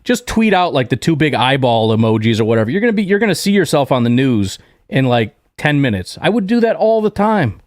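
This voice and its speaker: Young male host, animated ranter who mimics quotes; mid-pitched voice, dry close mic. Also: brisk, no room sound. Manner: animated ranting, acts out quotes in mock voices. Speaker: podcast host. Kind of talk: casual sports chat.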